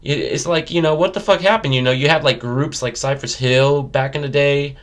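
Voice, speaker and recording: A man's voice: medium pitch, normal speed. Emphatic, profane man rapper in an interview. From United States. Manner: profane, emphatic, many "you know" fillers. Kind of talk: casual interview talk.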